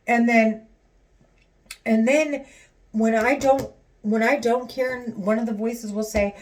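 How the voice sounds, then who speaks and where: A woman's voice: fairly high pitch, a little slow, darkish tone. A woman talking to camera in an agitated, rambling, profane monologue, full of restarts. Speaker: vlogger.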